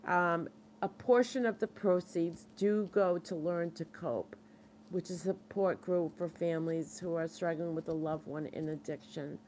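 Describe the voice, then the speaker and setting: A woman's voice: fairly low pitch, measured pace, a little mellow. Brief: middle-aged woman, Boston accent, chatty livestream host, earnest and reassuring, a faint hiss behind her. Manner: chatty, reads out and answers viewer comments. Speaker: livestream support group host. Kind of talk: casual live-stream chat.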